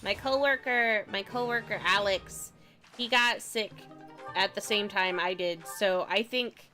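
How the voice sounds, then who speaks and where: A woman's voice: medium pitch, a little slow, sharp tone, soft background music. A young woman from California chatting casually on a game stream, a bit stuffy from a recent cold, giggly and rambling. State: slightly stuffy, recovering from a cold. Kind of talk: casual gaming stream chat.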